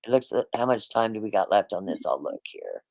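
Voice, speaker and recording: A man's voice: on the low side, expressive, fairly quick, a little mellow, no echo, poor audio. A man hosting a livestream, talking straight to his chat in a rambling, repetitive, casual way. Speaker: livestream host.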